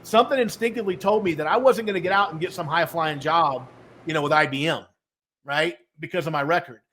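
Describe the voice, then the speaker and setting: A middle-aged man, a guest on a podcast, telling his life story with animated storytelling and acting out the dialogue. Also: a little high, fast, rough recording. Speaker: podcast guest, author and speaker.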